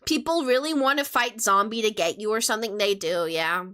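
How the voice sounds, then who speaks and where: A woman's voice: mid-range voice, a little fast, fairly bright tone. A woman streamer with a childlike, youthful-sounding voice, chatting casually and playfully as she reads and answers her chat. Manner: playful and chatty, with teasing asides.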